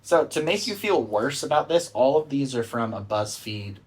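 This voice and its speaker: A man's voice: mid-range voice, lively intonation, normal speed. Give me a playful young man hosting a chatty podcast quiz. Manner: playful, laughs often, self-mocking. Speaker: podcast host. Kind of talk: casual podcast chat.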